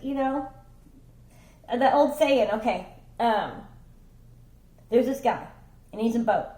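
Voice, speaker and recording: A woman's voice: on the high side, mellow, echoey room, poor audio. A woman giving a casual tarot reading, rambling and chatty, checking in with her listener and swearing offhandedly. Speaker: tarot reader.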